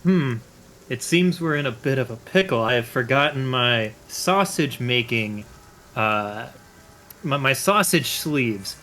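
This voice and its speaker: A man's voice: mid-range voice, animated, slow pace, pushed and bright, slight background noise. A man playing a tabletop game, speaking in character with playful, theatrical asides. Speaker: player.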